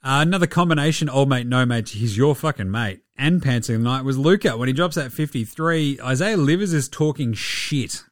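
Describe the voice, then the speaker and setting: A man's voice: mid-range voice, expressive. Sweary man riffing on basketball. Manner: sweary, joking, rapid-fire stats. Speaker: basketball podcast host. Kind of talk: casual sports commentary.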